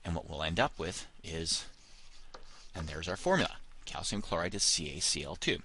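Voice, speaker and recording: A man's voice: deep voice, expressive, moderate pace, sharp tone, a little hiss or hum. A man teaching a chemistry lesson, explaining step by step with frequent fillers like "of course" and "all right.". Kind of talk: recorded classroom lesson.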